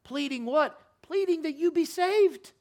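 A man preaching a sermon in a church, impassioned, his voice climbing high and loud, then sinking to a quiet, earnest plea. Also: lively intonation, a little slow, vocal fry. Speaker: pastor. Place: church sanctuary.

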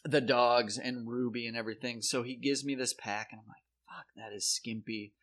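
Profane middle-aged storyteller dad. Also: male voice, medium pitch, steady tone, moderate pace, fairly bright tone. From South Dakota. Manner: profane, acts out his own past reactions. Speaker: podcast co-host. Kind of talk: casual storytelling chat.

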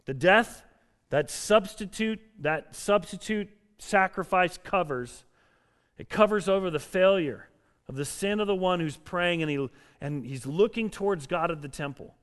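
A man preaching a sermon in an earnest, emphatic way, building up in intensity and then dropping low. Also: moderate pace, fairly bright tone. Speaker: pastor.

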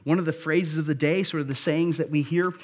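A man's voice: fairly high pitch, steady tone, brisk. Man preaching in a conversational voice. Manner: conversational preaching, paraphrases scripture in a casual voice; frequent restarts and fillers, then builds to emphatic points. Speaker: pastor. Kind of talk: sermon.

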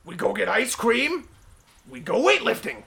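A man co-hosting an improvised comedy podcast, loud and excitable, often shouting and laughing. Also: very high voice, unhurried, gravelly.

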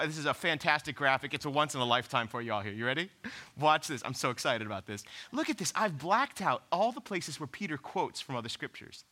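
A man preaching a sermon, conversational and animated, firing off rhetorical questions at the congregation. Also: high-pitched. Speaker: pastor.

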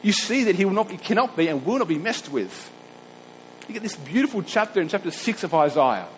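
A man preaching a sermon, earnest and emphatic, slowing down to stress the scripture he reads. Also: a little high, in a large hall, a little hiss or hum, low-quality recording.

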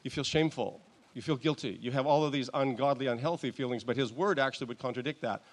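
Giving a sermon in church, a male pastor speaks at medium pitch. The delivery feels like conversation, halting, with restarts and quiet laughs.

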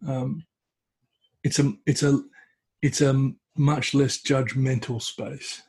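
A man, a podcast guest, telling a folk tale in a relaxed conversational way, often stopping and restarting his phrases. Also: medium pitch, takes it slowly, husky. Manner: hesitant, restarts phrases, tells story with acted quotes. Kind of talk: conversational storytelling. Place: at home with a cat.

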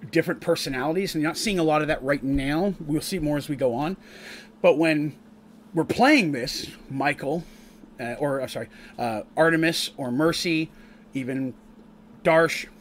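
Slightly high and a bit bright, this man's voice comes with some faint background noise. He's a Canadian-raised game master and streamer, an adult, the eldest grandchild, and married, giving a casual, meandering recap of a tabletop campaign and frequently starting his sentences over.

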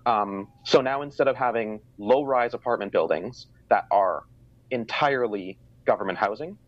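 A man's voice: lowish voice, moderate pace, no echo. Man, young adult, from canada, casual conversation, reflective storytelling, dry sound, dull lo-fi.

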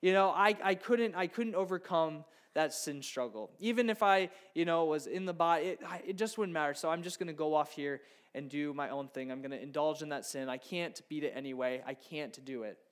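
A man's voice: a little high, fairly quick. A man in his thirties preaching a conversational sermon, acting out imagined inner thoughts. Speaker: pastor.

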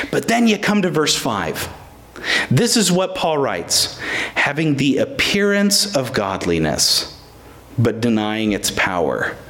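This pastor has a high, fairly bright voice. He preaches emphatically to his congregation, calling members by name, posing rhetorical questions, and restarting words as he searches for them.

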